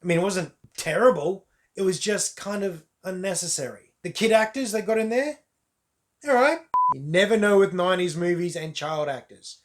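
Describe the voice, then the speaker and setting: A man's voice: high voice, lively intonation, normal speed, a little hiss or hum. A man giving a casual, wry and candid spoken review of a movie on camera. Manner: wry, candid, offhand asides. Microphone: camera mic.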